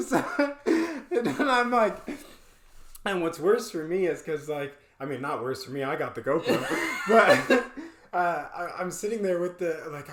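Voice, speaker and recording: A man co-hosting a podcast tells a story in a loose, casual way. He laughs often and acts out the lines of the people in his story. His voice sits a little high, and the room echoes around him. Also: noisy background. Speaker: podcast co-host.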